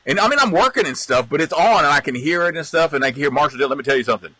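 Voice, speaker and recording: Racing along in a fairly high voice with no room sound, a middle-aged live stream host reminisces. He rambles casually and energetically, laughing often and repeatedly restarting his thoughts.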